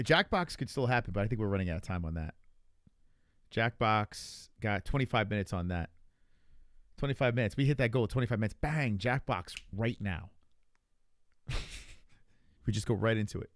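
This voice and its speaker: A man's voice: lowish voice, no room sound. A man streaming live, talking loosely to his chat in a voice that rises and falls a lot. He rambles and swears as he reacts to clips. The sound is dry and close, with no room around it. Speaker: streamer host.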